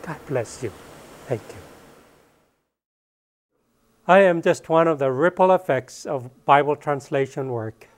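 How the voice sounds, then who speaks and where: A middle-aged man delivers a spirited testimony, his somewhat high voice building with excitement and then sinking almost to a hush as each line closes. He speaks as a missionary pilot, in an emphatic, story-driven way. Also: a little slow, pauses often. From northern Philippines. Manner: animated storytelling that swells up and then drops soft at the ends of lines. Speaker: missionary pilot and Bible translator. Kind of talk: testimony speech to an audience.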